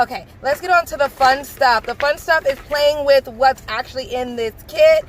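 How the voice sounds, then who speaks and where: A woman from the Bronx, loudly and gushingly unboxing a nail kit in a sing-songy voice. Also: high voice, moderate pace, slight background noise. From the Bronx, New York. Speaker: nail beauty vlogger. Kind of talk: excited product unboxing.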